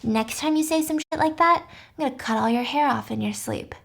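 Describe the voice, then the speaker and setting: A woman's voice: sits high, brisk, vocal fry. A woman voicing an unhinged young woman patient who taunts and threatens. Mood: menacing. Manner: taunting, then sharp and threatening.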